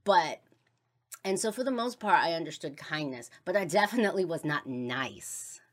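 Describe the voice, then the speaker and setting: A woman's voice: deep voice, expressive, moderate pace. A woman hosting a podcast, telling a personal story in a blunt, casual way, full of swearing and fillers. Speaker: podcast host.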